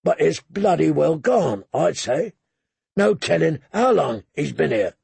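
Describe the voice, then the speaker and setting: A man voicing a gruff, menacing man-at-arms who growls his coarse threats. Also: a little high, big pitch swings, measured pace, dark tone, no echo, heavily acted.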